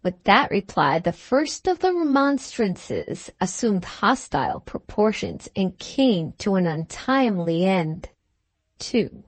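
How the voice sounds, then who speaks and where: Slow, lilting woman narrator. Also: mid-range voice, sing-song, no room sound. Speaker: audiobook narrator. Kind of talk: scripted narration of a classic short story.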